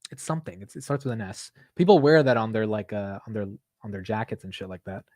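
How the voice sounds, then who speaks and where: A man's voice: lowish voice, expressive, fast, a little mellow, no room sound, studio quality. A young man hosting a casual stock market livestream, chatting loosely, swearing and laughing at himself while reading chat aloud.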